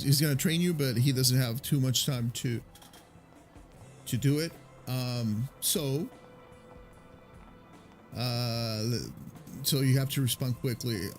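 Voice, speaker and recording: Let's-play narrator: man, unhurried and rambling, casual, soft music underneath. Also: medium pitch. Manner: rambling, many fillers and restarts. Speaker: gamer commentating a playthrough. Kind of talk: casual gameplay commentary.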